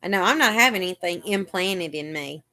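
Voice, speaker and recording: A woman's voice: on the low side, animated, a little fast, sharp tone. A middle-aged woman, hosting a casual live chat and telling chatty stories, acting out what the doctors said. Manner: chatty storyteller, acts out the doctors' lines.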